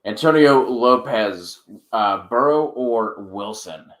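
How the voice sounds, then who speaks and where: A man hosting a fantasy football live stream, reading out viewer questions in quick lists. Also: mid-range voice, expressive, echoey room. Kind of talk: casual live-stream chat.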